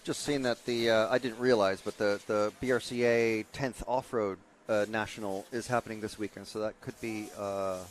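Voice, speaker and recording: A man's voice: lowish voice, fairly even intonation, moderate pace, few pauses, a little hiss or hum. Hesitant male co-commentator. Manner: conversational, hesitant with fillers. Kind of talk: livestream race commentary.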